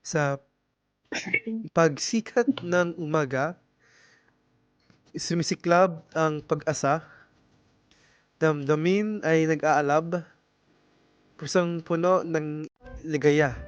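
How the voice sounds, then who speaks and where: Guy reading as a lady poet, quiet even recital, slow. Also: fairly high pitch, smooth, no echo, muffled recording. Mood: earnest. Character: female poet reciting at an open mic.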